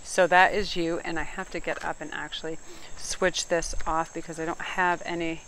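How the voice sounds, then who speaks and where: A middle-aged woman, giving a casual, animated tarot reading outdoors and sometimes getting loud and emphatic. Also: sits low, moderate pace, a little hiss or hum. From New England. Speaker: tarot reader.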